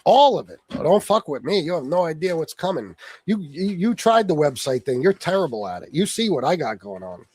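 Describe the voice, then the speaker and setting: A man's voice: a little high, sing-song, fairly quick, hardly any pauses, a little mellow, slightly rough. A man hosting a livestream, delivering a profane, taunting rant aimed at someone he insults by name. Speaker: livestream host.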